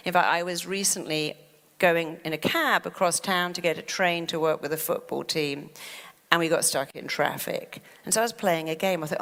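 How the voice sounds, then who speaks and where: A woman giving a motivational talk, animated, acting out fretful inner voices as she teaches. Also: fairly low pitch. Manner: animated, acts out quoted worries in a fast fretful voice. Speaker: therapist and speaker. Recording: long hall reverb.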